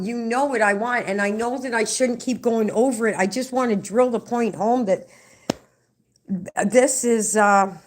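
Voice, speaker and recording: A middle-aged woman ranting on a livestream, swearing freely as she tells a long story and acts out the other people's lines. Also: medium pitch. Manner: profane, animated storytelling with acted-out quotes. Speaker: livestream vlogger.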